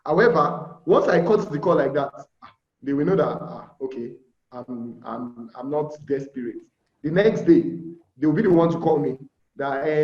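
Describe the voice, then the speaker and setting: A man's voice: a little high, moderate pace, darkish tone. A Nigerian man teaching an informal online class on fish farming, chatty, checking in with listeners and acting out bargaining with buyers. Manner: conversational, checks in often with "all right?", acts out buyer dialogues. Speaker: aquaculture instructor. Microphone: video call. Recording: muffled, echoey call audio.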